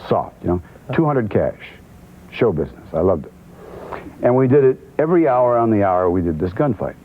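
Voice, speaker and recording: A man telling a lively anecdote as a talk show guest, often restarting and stumbling over his words. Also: fairly low pitch, moderate pace, a little hiss or hum. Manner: lively storyteller with frequent restarts and stammers. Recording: tinny, band-limited old TV tape.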